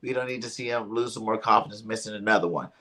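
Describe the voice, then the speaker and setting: Animated male sports podcast host. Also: fairly low pitch, quick pace. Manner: animated, acts out quotes in voices. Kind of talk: casual sports chat.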